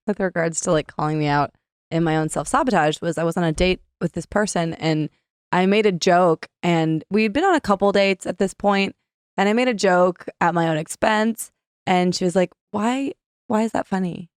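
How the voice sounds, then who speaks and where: A woman's voice: fairly low pitch, moderate pace, clear, resonant tone, dry recording, clean studio sound. A woman in her thirties co-hosting a podcast, chatty and self-mocking, acting out her inner voice in quotes. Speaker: podcast co-host. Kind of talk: casual chat.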